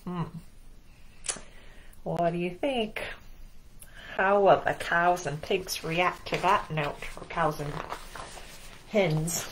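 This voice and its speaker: A woman librarian reading a picture book aloud at children's storytime, animated and asking the kids questions. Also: fairly low pitch, slow, long pauses, slight background noise, low-quality recording.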